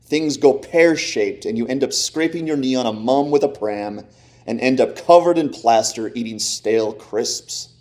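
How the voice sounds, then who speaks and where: A man reading a short tale aloud in an attempted English accent, slowing over the slang words. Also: mid-range voice, a little mellow, close to an everyday voice. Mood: storytelling. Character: man telling a mishap tale in a mock British accent. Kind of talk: read-aloud story in a put-on accent.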